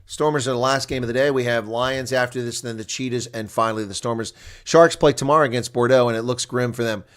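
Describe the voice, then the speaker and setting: A man giving live reaction commentary on a rugby match, chatting to viewers and getting loudly excited on big plays. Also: mid-range voice, fast. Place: home setup streaming a reaction broadcast.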